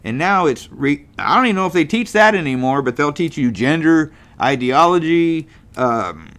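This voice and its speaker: A man's voice: on the high side, sing-song, normal speed, hardly any pauses, a bit bright. A middle-aged man from California hosting a casual monologue show, rambling in a folksy way with lots of fillers and restarts. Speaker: podcast host.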